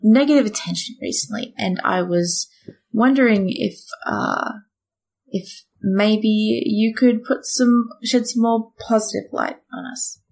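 A woman's voice: a little high, a little slow, vocal fry, a little mellow. A woman playing a tabletop role-playing game, hesitant with many fillers and frequent giggles. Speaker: player.

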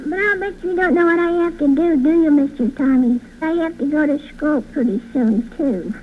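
Brief: man playing innocent little girl, high and childlike, tinny old radio sound with faint hiss. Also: moderate pace. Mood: chatty. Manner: childlike, sing-song recitation. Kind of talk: 1930s radio comedy.

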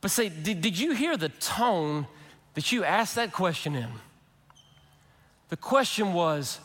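A man preaching a sermon as pastor, conversational and animated, acting out quotes from the people in his story. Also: sits high, a little slow, pauses often. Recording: reverberant hall.

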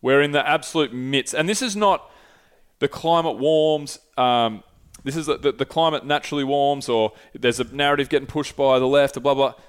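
Man, Australian accent, podcast host, rambling casual rant, clear voice. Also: mid-range voice, normal speed. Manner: rambling, swears freely, loses his thread. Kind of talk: casual chat.

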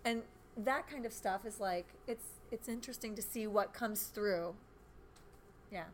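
A woman hosting a casual group chat about caring for children, chatty and quick to laugh and joke. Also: mid-range voice, slight background noise. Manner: chatty, laughs often, jokey asides. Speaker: podcast host.

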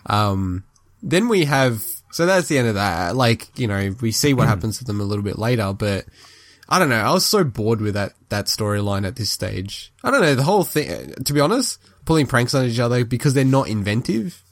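A man's voice: mid-range voice, big pitch swings, a little fast, dry recording. A man casually recapping a TV episode on a podcast, chatty and laughing now and then. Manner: chatty, recounts scenes with laughs and acted quotes. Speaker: podcast co-host. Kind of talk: casual chat recapping a show.

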